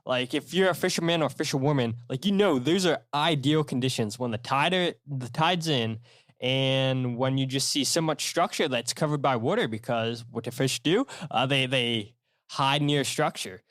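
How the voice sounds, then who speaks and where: A man's voice: medium pitch, moderate pace, no echo, clean studio sound. A man hosting a solo podcast in a casual, rambling way, full of fillers and restarts as he tells stories. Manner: rambling, animated storytelling with many fillers and restarts. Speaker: podcast host.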